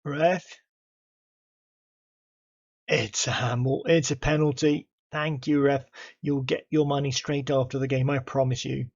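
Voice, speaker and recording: A man commentating his own football management game, excitable and chatty, cheering on his players and talking to them. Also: mid-range voice, measured pace, pauses often, lo-fi sound. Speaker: gaming YouTuber.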